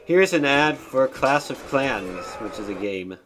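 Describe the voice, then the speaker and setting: A man streaming a game, giving casual commentary with wry, deadpan asides as he reads the game's text aloud. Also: mid-range voice, unhurried, a little hiss or hum.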